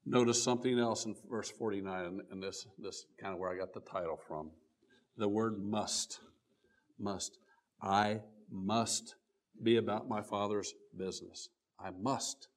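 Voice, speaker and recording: A man preaching a sermon, reading old-style scripture aloud and stopping often to restart, his voice swelling on key words and then dropping low and quiet. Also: steady tone, a little slow. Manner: reads scripture aloud in King James wording with frequent restarts.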